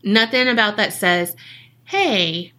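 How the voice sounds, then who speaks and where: A woman spins a true-crime tale for her podcast, her voice bright and sharp and sitting a little high. She swears freely, jokes along the way and slips into the voices of the people in her story. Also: expressive, measured pace. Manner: profane, jokey, acts out quoted people. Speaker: podcast co-host telling a case.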